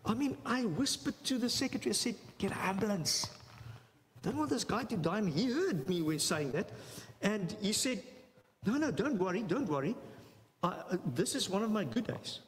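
Guy preaching a health talk in a big echoey church hall, highish voice, lively storytelling. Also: moderate pace. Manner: animated, repeats phrases for emphasis, acts out quoted dialogue. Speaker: health seminar speaker. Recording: long hall reverb, faint noise.

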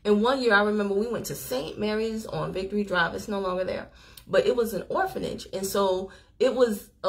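A woman hosting a live stream, chatting straight to her viewers as she tells a story in an animated, casual way. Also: medium pitch. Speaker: livestream host. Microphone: phone or webcam on a live stream.

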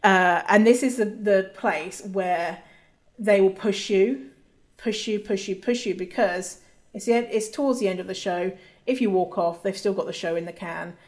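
A woman's voice: medium pitch, moderate pace, darkish tone. A woman hosting a solo podcast, talking casually and candidly, swearing freely and restarting her sentences often. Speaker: podcast host.

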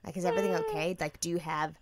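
A woman in her thirties hosting a podcast, telling a story with animated, profane energy. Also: on the low side, very fast, background noise. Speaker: podcast host. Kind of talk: casual storytelling chat.

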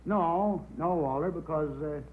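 A man's voice: a little high, a little slow. A man answering a quiz host's questions with short, polite replies. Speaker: contestant. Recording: tinny old broadcast audio with hum.

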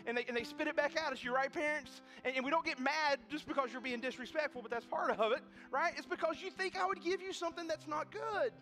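A man preaching with a notably high, ringing voice, piling on repeated words and quick restarts as he tells his stories. He slips into other people's voices as he goes. Soft guitar plays faintly behind him. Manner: animated, repetitive restarts, acts out quoted voices. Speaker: pastor. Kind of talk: sermon with storytelling. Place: church sanctuary.

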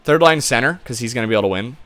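A young man commentating his own game as he plays, his voice swinging widely in pitch from low mutters to sudden yells. His tone is bright and forward, and he swears freely when things go wrong. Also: expressive, rapid-fire. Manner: frustrated, swears often, loud outbursts. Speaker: gaming channel host. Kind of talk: live gameplay commentary.

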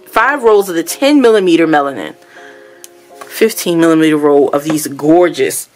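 A woman vlogger unboxing products, gushing and exclaiming as she chats casually to her viewers at home. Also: on the low side. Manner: gushing, exclamatory, keeps addressing viewers as y'all.

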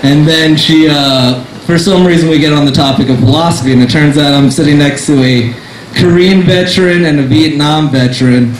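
A man's voice: on the high side, moderate pace. Young man rambling through a stand-up story. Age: young adult. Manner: rambling, self-deprecating, many fillers and restarts. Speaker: stand-up comedian. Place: small cafe comedy room. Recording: echoey room with faint noise. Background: audience laughter.

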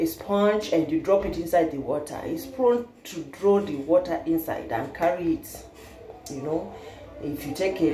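A woman's voice: on the low side, a little mellow. A woman from Kenya, vlogging in casual chat, playful and laughing often, mixing in Nigerian Pidgin phrases. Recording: roomy echo with faint background hiss.

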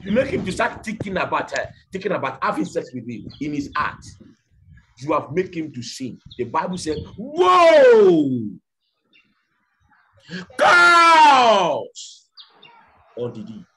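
Impassioned preacher with a lively high voice. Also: male voice, brisk, slight background noise. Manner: impassioned, repeats lines, shouts rhetorical questions. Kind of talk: fiery sermon.

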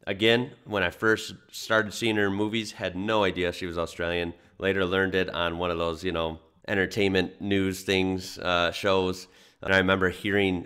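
A young man from the United States talks over a clip he is reacting to. His voice sits very low. His delivery is relaxed and rambling, with fillers and the odd chuckle. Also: normal speed, smooth. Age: young adult. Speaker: reaction video host. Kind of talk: casual reaction commentary.

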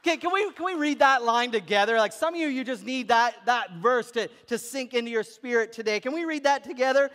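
A man's voice: very high-pitched, brisk, hardly any pauses, a bit bright. A man preaching a sermon as a pastor, telling a story with frequent repetitions and restarts. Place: church hall. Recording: reverberant church hall.

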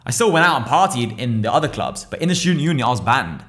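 A young man in his twenties, a podcast guest telling a story in slangy, profane, lively casual talk. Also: mid-range voice, quick pace. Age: 20s. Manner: profane, slangy, animated retelling.

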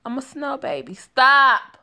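A woman's voice: sits high, takes it slowly, pushed and bright, slight background noise. A woman giving blunt, sassy commentary while playing a story game, swearing freely. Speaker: game streamer.

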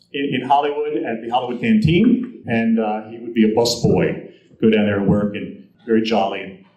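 A man giving an anecdotal presentation at a convention, acting out the quotes in his stories. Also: fairly low pitch. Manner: animated storyteller, acts out quotes. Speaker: guest speaker. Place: convention hall. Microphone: handheld recorder in audience. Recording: roomy hall audience recording.

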